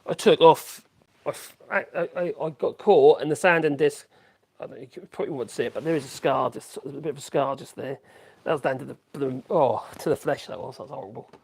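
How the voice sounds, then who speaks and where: A man whose voice is a little high, husky, and darkish in tone speaks a bit quickly while live streaming his woodworking. He rambles casually, stops to correct himself, and hums short tunes between thoughts.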